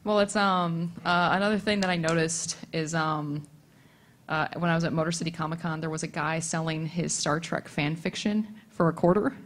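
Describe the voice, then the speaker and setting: A woman's voice: low voice, fairly even intonation, moderate pace. A woman on a convention panel telling a funny story, playful and teasing, often laughing as she talks. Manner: playful, teasing, laughs through her stories. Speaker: comics artist panelist.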